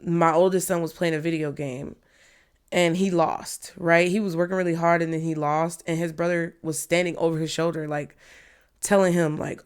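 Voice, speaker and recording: Woman in her thirties, lowish voice, blunt and emphatic, candid talk straight to viewers. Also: little pitch movement, moderate pace, clean tone. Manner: blunt, emphatic, swears freely. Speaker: tarot reader.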